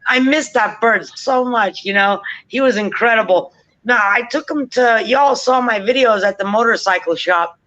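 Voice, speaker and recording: A woman's voice: on the high side, normal speed, fairly bright tone, dull audio. A woman telling a casual story, chatty and swearing freely, often laughing. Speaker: forum regular.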